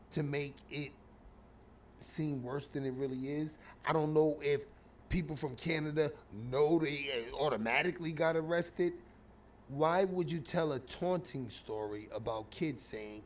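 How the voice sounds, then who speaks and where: A man hosting a casual commentary show, reacting to a clip with mocking, animated talk that swings between loud bursts and mumbles. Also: a little high, slight background noise.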